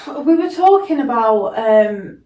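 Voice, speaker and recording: A woman's voice: fairly high pitch, animated, takes it slowly, dark tone. A young woman co-hosting a podcast, chatting casually with dry, teasing remarks. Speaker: podcast co-host and singer. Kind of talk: casual chat. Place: small podcast studio. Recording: roomy sound, mic at a distance.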